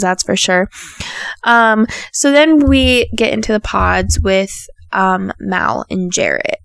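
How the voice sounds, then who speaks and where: A woman's voice: on the high side, dry recording, clean studio sound. Blunt, swearing young woman recapping a show. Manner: blunt, swears freely, sarcastic asides; acts out quotes in raised voices. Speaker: podcast host recapping a reality show. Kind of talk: casual solo recap.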